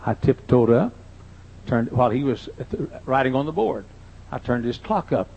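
A man's voice: mid-range voice, lively intonation, moderate pace, gravelly, warm tone, slightly rough. Folksy older man preaching with jokes. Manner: folksy, joking anecdotes. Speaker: pastor. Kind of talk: humorous sermon storytelling. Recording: dull lo-fi sermon recording.

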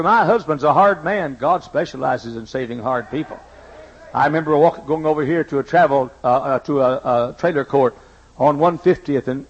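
Older male pastor, husky and slightly high-pitched, emphatic sermon delivery on a dull lo-fi recording. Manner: emphatic preaching, repeats key lines, folksy asides. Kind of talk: sermon with personal stories. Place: church sanctuary.

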